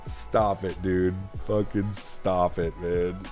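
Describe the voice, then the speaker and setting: A man's voice: deep voice, flat delivery, slow pace, a little mellow, soft background music. Laid-back chatty man streaming. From Canada. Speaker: flight sim streamer. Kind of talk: casual live-stream commentary.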